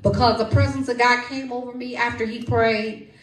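A woman preaching a lively sermon with testimony and prayer, calling out to her congregation and coaxing responses. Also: a little high, moderate pace, far from the mic. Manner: lively, call-and-response, folksy. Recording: echoey room, voice from off-mic.

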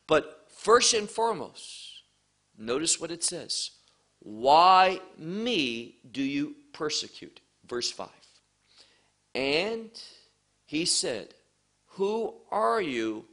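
A man teaching a verse-by-verse sermon, speaking emphatically and deliberately and stressing key words. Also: medium pitch, sharp tone. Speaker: Bible teacher.

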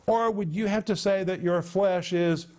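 A man's voice: high-pitched, fairly even intonation, normal speed, a little mellow. A man giving televised Bible teaching, emphatic and direct, stacking up long lists of words and calling his listeners "my friends.". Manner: emphatic, piles up lists of synonyms.

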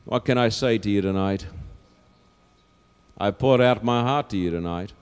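A man preaching an evangelistic sermon in a large auditorium, telling a story dramatically and moving from hushed lines to loud ones. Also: fairly low pitch, normal speed, clear, resonant tone. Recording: long auditorium reverb.

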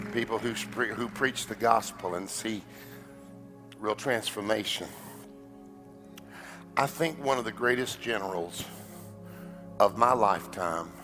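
A middle-aged man preaching a sermon, telling a story that builds to a fervent, shouting climax. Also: fairly low pitch. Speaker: pastor. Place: large church auditorium.

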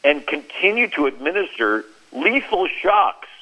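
A man giving a Christian talk on a radio show, telling stories in an animated way and acting out the quoted lines. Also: a little high, unhurried, muffled recording. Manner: animated storyteller who acts out quoted speech. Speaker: Christian speaker.

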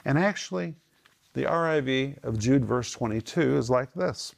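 A man teaching from the Bible, explaining Greek words with emphatic, drawn-out stress on key phrases. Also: medium pitch, lively intonation, creaky.

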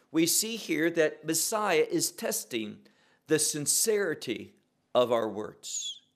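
A man preaching a sermon as pastor, explaining scripture with rhetorical questions. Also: high-pitched.

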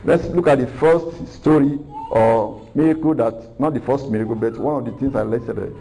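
A man's voice: mid-range voice, normal speed, mellow, rough recording. A man preaching a recorded sermon, earnest and repetitive, asking rhetorical questions.

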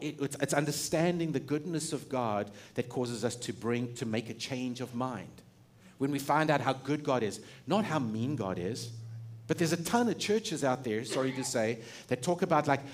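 A middle-aged man preaching a sermon as pastor, animated and conversational, often restarting his sentences and laughing. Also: mid-range voice, normal speed, a little hiss or hum.

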